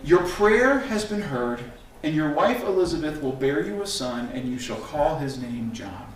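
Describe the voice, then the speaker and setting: A middle-aged man preaching a sermon as pastor, telling stories in an animated way and acting out the scenes. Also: a little high, unhurried. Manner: animated storytelling, acts out scenes. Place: church sanctuary. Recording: echoey room from a distant mic, faint noise.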